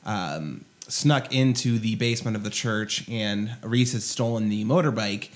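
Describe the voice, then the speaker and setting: A man co-hosting a casual movie podcast, retelling the plot with lots of fillers and pauses. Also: on the low side. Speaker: podcast co-host. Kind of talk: casual movie review chat.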